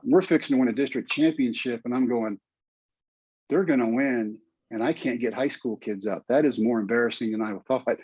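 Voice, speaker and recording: A man's voice: mid-range voice, darkish tone, husky, dry recording. A man, earnest and heartfelt as he recounts his story. The audio is dry and slightly muffled, like a modest podcast setup. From United States. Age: 50s. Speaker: guest, former pitcher and teacher. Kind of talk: storytelling interview.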